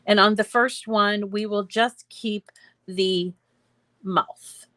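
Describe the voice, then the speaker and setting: A woman walks through a craft project step by step at a slow, unhurried pace, with plenty of small fillers as she goes. Her voice sits close and dry on a desk mic, with no room sound around it. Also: medium pitch, steady tone, pushed and bright, no echo. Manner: chatty, explains step by step with fillers. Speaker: craft tutorial host. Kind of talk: screen-share craft tutorial.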